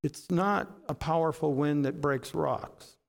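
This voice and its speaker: A man's voice: a little high, a little slow, gravelly. A man preaching a sermon with dramatic emphasis and rhetorical questions. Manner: dramatic, rhetorical questions, swings between loud bursts and hushed asides.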